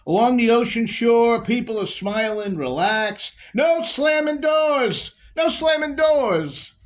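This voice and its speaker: A high-voiced, rambling divorced man pours out his troubles, as performed by a man. He is confused and emotional, circling back to repeat lines and stretching words slowly in a halting monologue. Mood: wistful.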